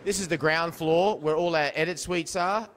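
A man's voice: a little high, steady tone, moderate pace, fairly bright tone. A middle-aged Australian man presenting a jokey behind-the-scenes studio tour, bantering and teasing his guests. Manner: cheeky, bantering, self-mocking.

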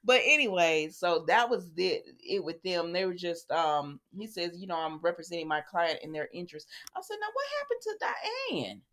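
A woman casually recapping a soap opera, chatty and animated, acting out quoted lines. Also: fairly low pitch, normal speed, hardly any pauses.

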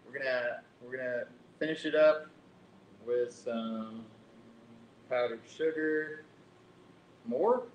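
A man hosting a casual live cooking demo, thinking aloud and correcting himself as he reads the recipe. His voice bounces around an echoey room, with a faint rumble underneath. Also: takes it slowly, pauses often, lo-fi sound. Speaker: cooking show host. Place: library kitchen room.

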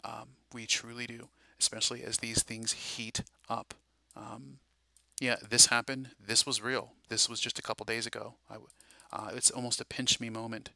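Excitable bright-voiced man preaching casually. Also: mid-range voice, moderate pace, vocal fry, no room sound. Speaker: Christian prophecy video host. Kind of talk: casual monologue.

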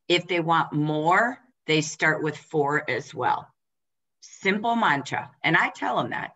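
A woman trainer giving a direct, emphatic coaching talk to team leaders, firing off quick rhetorical questions. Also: low-pitched, a bit bright, rough recording.

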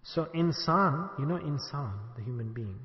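A man's voice: fairly high pitch, expressive, normal speed. A man giving a sermon, asking his listeners questions and acting out little dialogues. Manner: rhetorical, asks the audience questions and acts out dialogue. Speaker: sheikh giving a religious talk. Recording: echoey hall, dull lo-fi sound.

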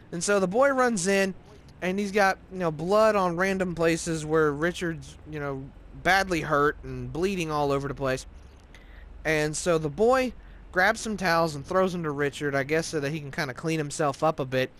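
A man's voice: on the high side, a bit bright. A man telling a long story in a casual, rambling way, full of fillers and restarts. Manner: rambling, conversational, lots of fillers. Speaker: gaming video narrator. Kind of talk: casual storytelling over gameplay.

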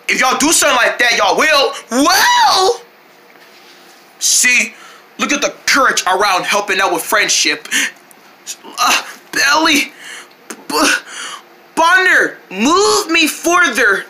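A woman playing out a pretend story with toys, acting every character with dramatic shouting and quick voice switches. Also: high-pitched. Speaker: toy play narrator voicing all characters. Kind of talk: improvised toy play-acting.

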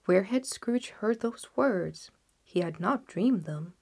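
A woman narrating a classic story, softly and often near a whisper. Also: mid-range voice, expressive, takes it slowly, vocal fry, slightly rough. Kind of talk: audiobook narration.

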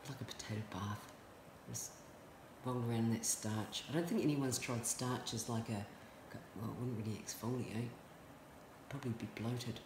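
A vlogger talking casually to the camera in a rambling, goofy way while waiting, with quiet mumbled asides. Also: mid-range voice, fairly even intonation, normal speed. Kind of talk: casual self-talk vlog. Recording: roomy echo, faint noise.

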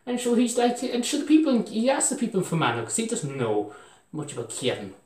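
Brief: young Irish man, lively up-and-down delivery, meandering comic yarn, roomy echoey room. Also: sits high, fast talker. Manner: meandering, full of fillers like "sure, Jesus", chuckles at his own jokes. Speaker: storyteller. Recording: roomy echo, mic far off.

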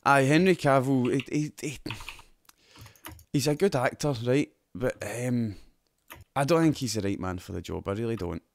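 Casual gaming chat from a Scottish podcast host who swears, laughs and trades banter with friends about games and shows. His medium-pitched voice has vocal fry and a moderate pace, with no echo.

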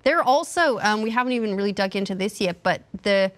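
A woman's voice: medium pitch, fast. A woman co-hosting a gaming podcast in casual chat, telling stories with playful teasing. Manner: playful teasing, animated storytelling. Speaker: podcast co-host.

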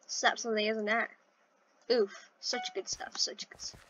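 A young woman commentating casually while playing an online game, chatty and excitable, breaking into panicked yells. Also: a little high, unhurried, background noise. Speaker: gaming channel host.

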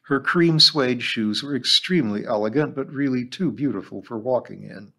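A man hosting a book club program who reads a novel aloud with expressive storytelling. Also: mid-range voice, normal speed, creaky. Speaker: host reading a novel aloud.

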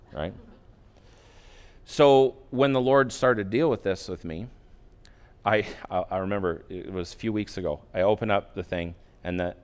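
A man in his forties, a pastor, telling a personal story in a sermon, acting out his own inner voice and swinging from quiet asides to loud outbursts. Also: low voice. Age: 40s. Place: church.

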